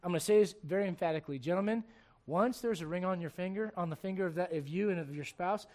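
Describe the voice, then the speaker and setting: High-voiced lively male preacher. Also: fast talker. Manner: animated, humorous, swings from soft asides to shouting. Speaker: pastor. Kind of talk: sermon. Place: church.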